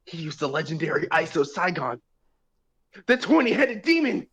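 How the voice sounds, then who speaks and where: A man's voice: a little high, very animated, normal speed, fairly bright tone, breathy edge, heavily acted. A man voicing an over-the-top male anime battle announcer, exclaiming dramatically. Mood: dramatic.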